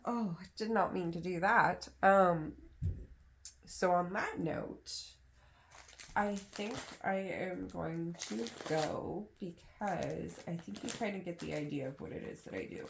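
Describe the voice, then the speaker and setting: Low-voiced chatty mom rambling while crafting. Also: female voice, takes it slowly, creaky, noisy background. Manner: rambling, self-deprecating, many fillers. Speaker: crafting vlogger. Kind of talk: casual chat while crafting. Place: home, kids in another room.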